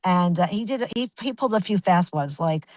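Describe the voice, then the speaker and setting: Chatty, animated middle-aged woman storyteller. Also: fairly low pitch, fairly quick, no echo, poor audio. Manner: animated, chatty, with many restarts and acted-out quotes. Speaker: guest. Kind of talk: casual storytelling interview.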